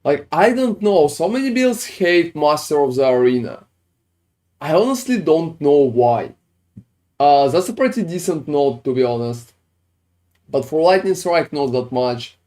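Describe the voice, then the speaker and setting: This man's voice sits on the high side, expressive and a little mellow, at a measured pace. He's a game streamer reviewing viewers' builds in a casual chat, with frequent swearing and phrasing that sounds non-native.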